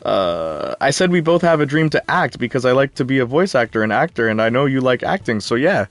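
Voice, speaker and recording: Young male streamer, lively up-and-down delivery, dry close sound, casual chat with his viewers. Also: medium pitch, brisk, dry recording. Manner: chatty, jumpy, talks back to chat.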